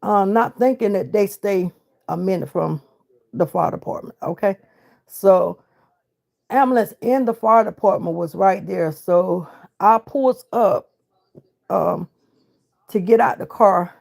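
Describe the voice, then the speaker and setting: A woman's voice: medium pitch, a little slow, vocal fry, long pauses, darkish tone. A middle-aged woman, telling her own story of loss with emotion and reenacted dialogue. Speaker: grieving mother. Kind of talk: personal storytelling.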